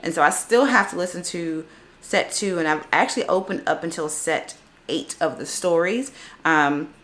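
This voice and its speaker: Woman, slightly low pitch, chatty, self-narrating, casual home vlog. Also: moderate pace, fairly bright tone. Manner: chatty, self-narrating, sounding out words aloud. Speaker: vlogger learning French. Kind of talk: casual screen-recorded language vlog.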